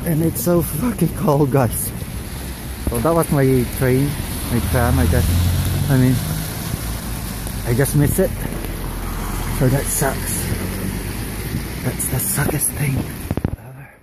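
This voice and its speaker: Shivering man vlogging outside at night, mid pitch, excitable and cursing, heavy street noise. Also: slow pace, long pauses. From Philippines. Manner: excitable, swears a lot, rambling. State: shivering from cold. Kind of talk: casual vlog. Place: outdoors on a city street at night in snow. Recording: loud outdoor street noise. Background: loud traffic and street noise.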